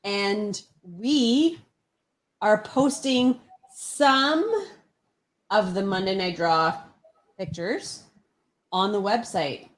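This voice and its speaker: A woman's voice: mid-range voice, very slow, pauses often. A Canadian woman co-hosting a livestream, playful and teasing. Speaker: co-host. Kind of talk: casual livestream chat.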